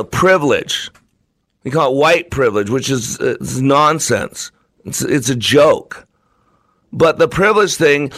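A man's voice: a little high, fairly bright tone, no echo. Man, show host, emphatic, preacherly, repetitive, dry close sound. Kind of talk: preaching talk-show monologue.

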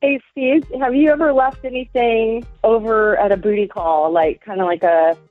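A woman's voice: on the high side, fairly even intonation, moderate pace, phone-quality sound, soft background music. A woman calling into a radio show, chatty and giggly. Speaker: radio caller. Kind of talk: phone call on radio.

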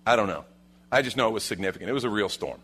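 Male pastor, sermon, animated, swings from excited to hushed. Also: on the low side, rapid-fire, breathy edge. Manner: animated, acts out the disciples' lines; drops to a quiet, hushed tone for reflective moments.

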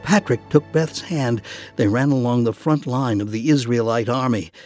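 A man narrating a children's audiobook in an expressive storytelling manner. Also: mid-range voice, normal speed, no room sound, soft background music.

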